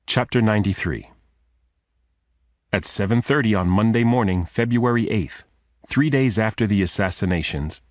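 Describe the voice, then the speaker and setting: Low-voiced guy narrating a thriller audiobook, steady, dry close sound. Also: no echo. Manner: measured, steady storytelling. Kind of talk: scripted narration.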